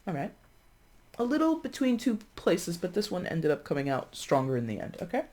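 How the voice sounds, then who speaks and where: Casual tarot reader, chatty and expressive, loose delivery with fillers, talks to viewers as friends. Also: mid-range voice, moderate pace. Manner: breezy, addresses viewers as friends. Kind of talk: casual tarot reading to camera.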